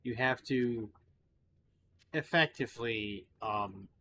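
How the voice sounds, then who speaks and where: A man talks through his gameplay in a loose, rambling way, often stopping on fillers and starting over. He sounds tired and is yawning. His voice is bright, with a faint hum behind it. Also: medium pitch, slow pace. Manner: rambling, chatty, with frequent fillers and restarts. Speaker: gaming channel host. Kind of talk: casual gameplay commentary.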